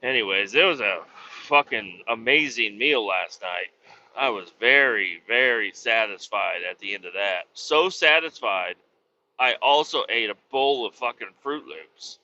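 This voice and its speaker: A man with kids, hosting a podcast, telling a story in a casual, profane monologue that breaks into loud exclamations. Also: fairly low pitch, expressive, a little slow, muffled recording, slight background noise. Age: adult with kids. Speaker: podcast host.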